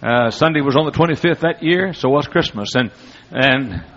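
A man preaching a sermon, telling a folksy, humorous story with loud bursts. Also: mid-range voice, moderate pace, a little hiss or hum. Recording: dull lo-fi recording.

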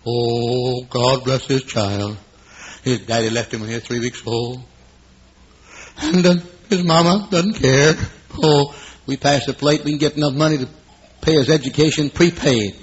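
A man in his fifties preaching a sermon, dramatic, swinging between hushed asides and loud exclamations. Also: medium pitch, steady tone, normal speed, slight background noise. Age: 50s. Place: room at an evening gathering. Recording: dull lo-fi recording.

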